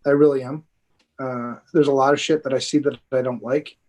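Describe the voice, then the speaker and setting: A man's voice: medium pitch, fairly even intonation, a little fast, darkish tone. A man co-hosting a podcast in casual chat, talking earnestly and at length, with casual swearing. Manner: earnest, rambling, profane. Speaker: podcast co-host.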